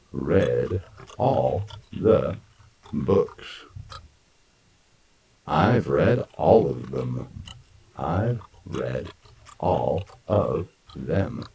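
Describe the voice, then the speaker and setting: A man teaching an English grammar lesson, repeating words slowly and breaking sentences into parts. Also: sits low, big pitch swings, vocal fry, a little mellow, breathy edge, poor audio. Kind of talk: slow, deliberate grammar lesson.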